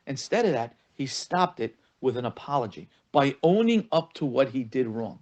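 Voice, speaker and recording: A rabbi with a mid-range voice teaches a spoken lesson on marriage at a moderate pace with few pauses, animatedly telling stories and acting out the callers he quotes. He often repeats words for emphasis, and the audio is dull.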